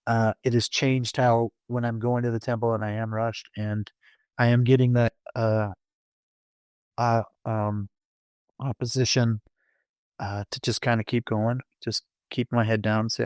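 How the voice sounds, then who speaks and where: A man's voice: mid-range voice, a little slow, smooth, no echo. Dry, close man telling a story. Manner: animated storytelling, acting out his own thoughts in quotes, frequent restarts. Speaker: podcast guest. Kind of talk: conversational personal testimony.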